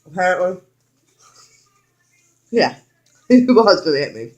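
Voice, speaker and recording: A woman's voice: on the low side, slow pace, highs cut off, soft background music. Frank, foul-mouthed young woman vlogger. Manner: frank, heavy swearing, animated retelling with quoted lines. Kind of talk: casual storytime.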